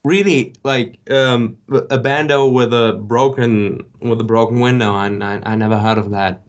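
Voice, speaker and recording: Podcast co-host, male, mid-pitched, halting wry delivery with lots of restarts. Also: fairly even intonation, dull audio. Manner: halting, filler-heavy, wry. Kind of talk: casual chat.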